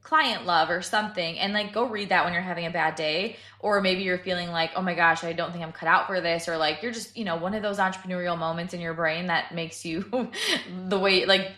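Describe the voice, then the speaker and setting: A woman's voice: fairly low pitch, fairly even intonation, fairly quick, bright, forceful tone. A woman co-hosting a podcast in casual chat, rambling with lots of fillers. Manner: chatty, rambling with many fillers. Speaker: podcast co-host. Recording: echoey room.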